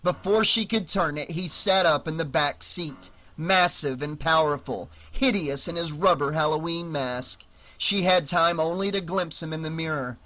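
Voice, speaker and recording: Man, audiobook narration, measured, dramatic, bright tone. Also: on the high side. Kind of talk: scripted narration.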